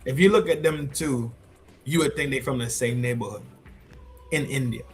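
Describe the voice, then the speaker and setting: A man's voice: mid-range voice, moderate pace. Swearing streamer man over faint music. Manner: loud, swearing, repeats himself. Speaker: stream host reacting to clips. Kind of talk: profane casual commentary.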